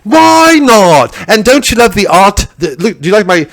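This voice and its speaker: A man's voice: sits high, big pitch swings, normal speed, a bit bright, no echo, faint music behind, heavily acted, rough recording. A man doing a gushing, vain celebrity comedienne. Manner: gushing, rambling, self-absorbed. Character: vain, scatterbrained, posh female celebrity comedian. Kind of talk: stand-up character comedy. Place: comedy stage at a festival show.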